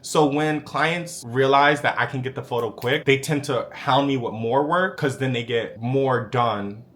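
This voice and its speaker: A young man telling a story to camera in a sassy, animated, profane way. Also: medium pitch, unhurried. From United States. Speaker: vlogger.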